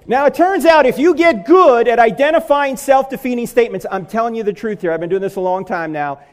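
A middle-aged man speaks to a live crowd in a comic lecture on apologetics, landing one punchline after another. His voice sits high for a man. It leaps up and down with lively, animated swings. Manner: joking, punchline-driven delivery. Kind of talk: humorous lecture to a live audience.

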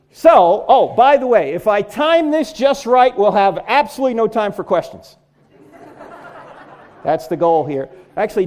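Animated, high-pitched joking man. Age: middle-aged. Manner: joking, punchline-driven delivery. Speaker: Christian apologetics speaker. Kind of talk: humorous lecture to a live audience.

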